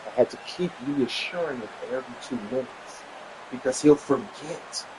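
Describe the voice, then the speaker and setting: A man casually telling a personal story, animated and repeating himself as he acts out what was said. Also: normal speed, noisy background. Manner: animated, acts out quoted dialogue with pitch jumps; repetitive, stumbling restarts. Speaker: vlogger sharing a family update.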